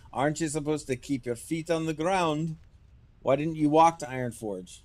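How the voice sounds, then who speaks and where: A streamer plays a game live and chats casually with viewers, laughing and poking fun at himself while wearing headphones at a desk mic. His voice is fairly high and a little mellow.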